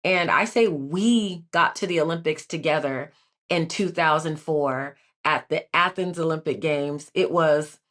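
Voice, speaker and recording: A woman in her forties, an Olympic athlete appearing as an interview guest, tells her life story in an earnest, reflective way, using many filler words. Her voice is low and slightly bright, and her pace is measured.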